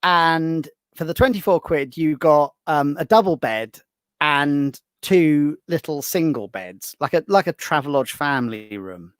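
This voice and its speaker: A man's voice: fairly high pitch, measured pace, clean tone, dry recording. A man, a podcast guest and author, telling anecdotes in casual chat, restarting his sentences as he goes. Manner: lively storyteller with frequent restarts.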